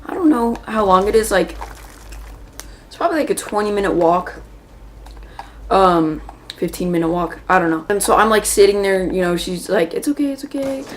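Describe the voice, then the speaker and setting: A woman's voice: mid-range voice, moderate pace, long pauses, a little hiss or hum. Chatty woman rambling through a story. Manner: rambling, chatty, stops mid-story to react to the game. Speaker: gaming video host. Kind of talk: casual storytelling while playing a shooter game.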